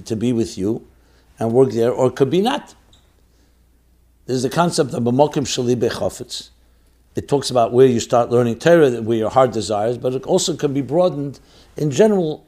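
A man's voice: medium pitch, a little mellow. A man, a rabbi hosting a question-and-answer show, answering a listener's question with earnest, emphatic religious guidance and sprinkling in Hebrew and Yiddish terms. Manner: earnest and emphatic, repeating key phrases.

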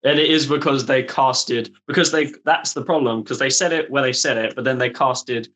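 A man's voice: medium pitch, normal speed, fairly bright tone. A man co-hosting a casual film podcast with friends, explaining in a laid-back way. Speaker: podcast co-host.

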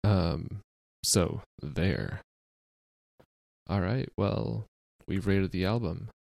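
A deadpan American podcast host with a very low, gravelly voice. He talks in dry, sarcastic asides and stops often with fillers. The recording is close and dry. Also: extremely slow, no echo. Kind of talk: casual chat.

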